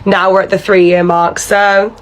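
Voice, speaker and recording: A woman's voice: medium pitch, level tone, a little slow, lightly acted, poor audio. A woman voicing a bossy, petty pub manager, in a comedy sketch. She talks down to her staff in a condescending, entitled way. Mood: pompous. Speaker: manager character.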